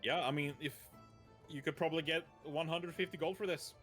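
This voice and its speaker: A man's voice: fairly high pitch, steady tone, brisk, fairly bright tone. A man narrating as game master, casual and hesitant, with faint background music. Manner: casual, hesitant, many fillers.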